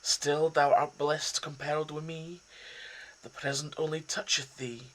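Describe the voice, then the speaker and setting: A man putting on a Scottish accent to recite a poem as a farmer speaking gently to a mouse, in a raised, drawn-out, declaiming voice. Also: a little high, little pitch movement, slight background noise, voice pushed up, close to an everyday voice, poor audio. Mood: tender, rueful. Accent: put-on Scottish. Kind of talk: poetry recitation.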